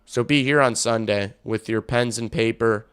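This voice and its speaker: A hoarse young man streaming live, chatting casually and bluntly to his viewers, profane and rambling. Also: mid-range voice, normal speed, fairly bright tone. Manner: rambling, blunt and profane, addresses chat directly. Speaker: hockey streamer. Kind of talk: casual livestream chat.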